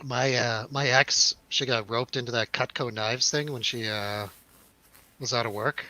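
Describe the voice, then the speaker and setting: A man's voice: mid-range voice, steady tone, unhurried, sharp tone, poor audio. A young man on a podcast, telling a story in casual chat, acting out quotes and swearing freely. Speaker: podcast co-host.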